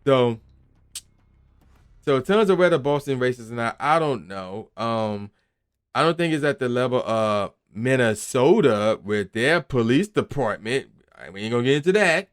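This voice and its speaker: With a clean-toned mid-range voice at normal speed, a young man hosting a gaming channel rants casually about his opinions. He's animated and emphatic, talks in slang, and sometimes acts out quoted voices.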